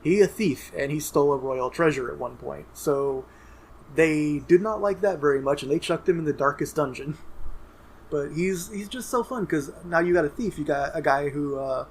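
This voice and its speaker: Chatty male podcast co-host, raised pitch, rambly delivery, light noise floor. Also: normal speed. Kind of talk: casual gaming podcast chat.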